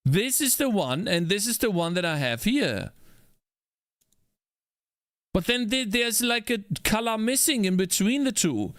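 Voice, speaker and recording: Exasperated game developer, high lively voice. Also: male voice, unhurried, long pauses, no room sound, studio quality. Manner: frustrated, exasperated, talks to himself; swears. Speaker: indie game developer streaming. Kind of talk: live-stream chat while working.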